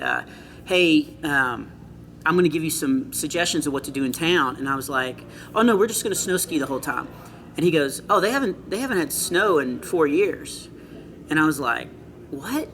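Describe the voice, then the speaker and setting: A middle-aged male comedian chatting in an interview, telling earnest stories with quick asides. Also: on the high side, creaky, fairly bright tone, slight background noise. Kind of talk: casual interview chat. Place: comedy club after a show.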